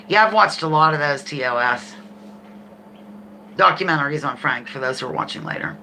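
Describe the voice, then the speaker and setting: A middle-aged woman hosting a live trivia game, reading questions slowly and chatting and laughing with viewers. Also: low voice, sharp tone, a little hiss or hum.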